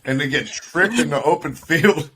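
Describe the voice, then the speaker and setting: Animated joking man on a video call. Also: a little high, moderate pace, background noise. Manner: animated, joking, profane, laughs often. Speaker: podcast co-host. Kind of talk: casual sports chat.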